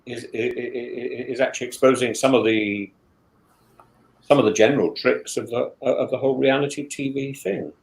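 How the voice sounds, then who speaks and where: A man in casual podcast talk, speaking haltingly with many stammered restarts. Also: medium pitch, creaky. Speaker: guest, former contestant. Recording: roomy echo.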